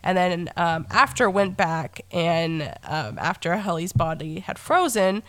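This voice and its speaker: A woman's voice: lowish voice, lively intonation, unhurried, a bit bright, dry recording. A young woman co-hosting a casual true crime podcast, just getting over being sick, telling the story bluntly with many ums and sarcastic asides. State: recovering from illness, coughing. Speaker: podcast co-host.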